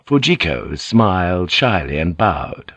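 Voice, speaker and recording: A man reading an audiobook aloud in a measured, even storytelling manner. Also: low voice, no echo. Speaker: audiobook narrator. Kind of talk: scripted audiobook narration.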